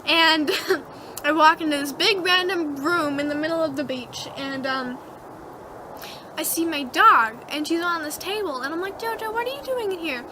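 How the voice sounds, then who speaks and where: A woman's voice: high-pitched, a little slow, noisy background. A teenage girl vlogger animatedly retelling a dream to camera, giggling often. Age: teens. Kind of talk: casual storytelling to camera.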